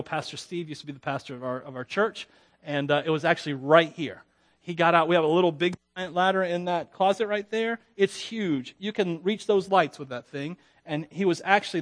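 A man preaching a sermon, telling stories with lots of laughter and acting out the characters' lines. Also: on the high side. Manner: animated storytelling, laughs often, acts out voices. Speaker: pastor.

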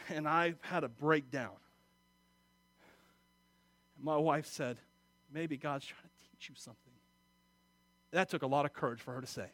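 Male pastor, middle-aged, high bright voice, dry close sound, emotional preaching that swings between hushed and loud. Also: a little slow, long pauses, no room sound. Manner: emotional, swings from quiet confiding to loud exhortation. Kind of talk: sermon.

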